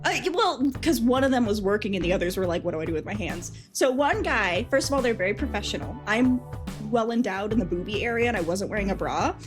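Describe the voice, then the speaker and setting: Young woman streamer telling a story, swearing freely, high animated voice over background music. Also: fast. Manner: animated, profane, laughs often while telling. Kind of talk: casual storytelling chat.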